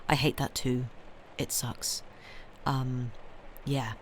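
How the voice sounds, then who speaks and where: A woman's voice: very deep voice, fairly even intonation, takes it slowly, a little hiss or hum. A woman hosting a livestream from home. She chats with viewers in a rambling way and says she is tired. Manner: rambling and chatty, replies to chat messages, many ums. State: tired, yawning. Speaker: livestream host reading books aloud. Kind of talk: casual chat with viewers.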